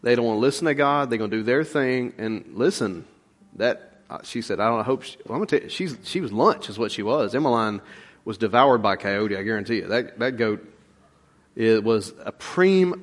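Male pastor, casual storytelling sermon, mid-pitched, lots of fillers. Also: animated, fairly quick. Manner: rambling, folksy storytelling with many fillers. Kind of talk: conversational sermon.

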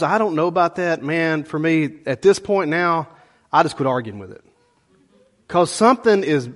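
A middle-aged man preaching a sermon as pastor, conversational and animated, with folksy asides to the congregation. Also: fairly high pitch.

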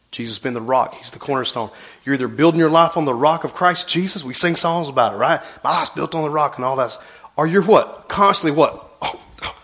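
A man's voice: on the high side, a bit bright. A man, preaching a sermon as pastor, emphatic, with his voice rising and falling.

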